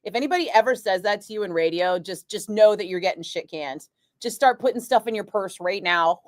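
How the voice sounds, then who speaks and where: A woman radio DJ chatting casually, telling an animated story and acting out what others said, with lots of "like" fillers. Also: mid-range voice, a little fast, no room sound, clean studio sound. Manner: animated, acts out quoted voices, frequent "like". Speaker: radio DJ chatting with a live stream. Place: radio studio. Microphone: studio microphone.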